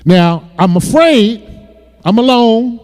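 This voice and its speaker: A man's voice: very high-pitched, lively intonation, slow, darkish tone, clean tone, in a large hall, soft background music. A man preaching, telling his own story with emotion and repeated words. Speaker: pastor. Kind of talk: sermon testimony. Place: church sanctuary.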